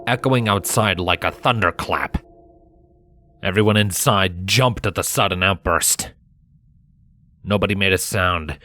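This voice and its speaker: Man, deep voice, steady first-person narration, fan story reading. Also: dry recording. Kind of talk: audiobook fanfiction reading.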